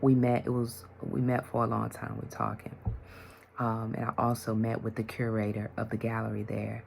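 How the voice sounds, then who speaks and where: Very low gravelly woman vlogger. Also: moderate pace, slight background noise. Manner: animated storytelling, acts out conversations. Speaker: vlogger, mental health worker and yoga teacher. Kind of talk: casual storytelling vlog.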